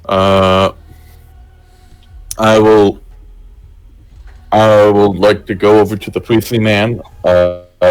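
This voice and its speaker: A man's voice: fairly low pitch, flat delivery, takes it slowly, long pauses, smooth, faint music behind, poor audio. A man playing a tabletop game, talking hesitantly about his character's moves. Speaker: player.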